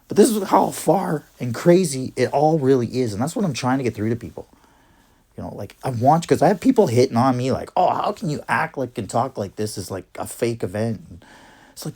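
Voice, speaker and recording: A man rants straight to camera from a cold garage, fired up and swearing freely. His voice sits at a middling pitch, and his emphatic delivery keeps pushing each point harder. The rustle of his jacket brushes against the mic now and then. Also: big pitch swings, moderate pace, dark tone, slightly rough. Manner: agitated, profane, emphatic. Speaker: vlogger. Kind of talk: casual ranting monologue to camera. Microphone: jacket rustling near the mic.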